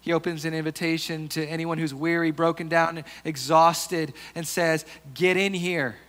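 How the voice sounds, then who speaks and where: A pastor preaching a sermon in an earnest, conversational way, often restarting his sentences and dropping to softer asides. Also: fairly high pitch, fairly even intonation, normal speed.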